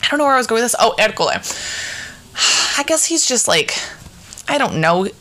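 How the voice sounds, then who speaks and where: A woman's voice: on the high side, big pitch swings, normal speed, pushed and bright. A young woman hosting a podcast alone, chatting casually in a rambling, profane way with many fillers and restarts. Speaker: podcast co-host. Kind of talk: casual solo podcast chat.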